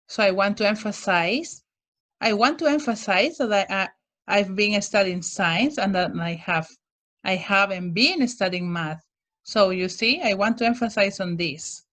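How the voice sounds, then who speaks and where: A woman teaching English grammar in a recorded lesson, explaining slowly and carefully with frequent restarts. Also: medium pitch, fairly bright tone.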